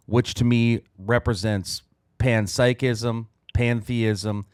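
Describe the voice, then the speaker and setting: A male host with a fairly low voice speaks in a slow, measured way. He steers the conversation calmly. The sound is dry and close, with no room around it. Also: clear, resonant tone, no echo. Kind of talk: casual discussion.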